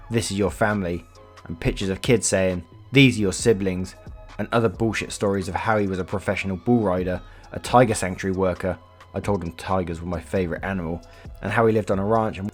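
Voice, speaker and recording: A man reading Reddit stories aloud, casual and chatty, swearing freely and reacting to the story. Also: low voice. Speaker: narrator.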